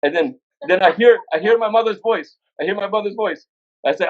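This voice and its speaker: A man guesting on a podcast, excitedly telling a story, repeating himself and laughing as he goes. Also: high voice, brisk, highs cut off. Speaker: guest musician. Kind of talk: casual chat.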